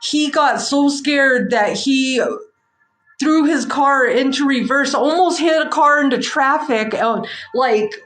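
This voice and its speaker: A woman in her forties, a psychic livestream host, telling a story in a frank, rambling, animated way with slang. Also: high-pitched, slow pace. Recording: echoey room.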